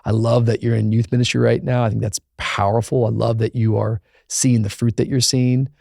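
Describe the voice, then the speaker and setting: A man's voice: medium pitch, little pitch movement, fairly quick, vocal fry, dry recording, clean studio sound. A man hosting a podcast, affirming his guest and leading into questions in a casual, encouraging way. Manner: warm affirming questions with fillers and restarts. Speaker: podcast host, pastor. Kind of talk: conversational interview.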